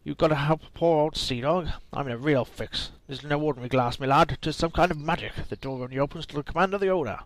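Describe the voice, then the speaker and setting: A man's voice: medium pitch, a little fast, dry recording, lightly acted, poor audio. A man reading a game's dialogue aloud, voicing a boastful, rum-loving old male pirate with growled "arr"s. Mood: blustering pirate.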